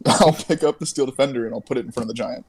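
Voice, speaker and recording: A man's voice: medium pitch, racing, a little hiss or hum. A man as a player in a tabletop game, talking casually and joking.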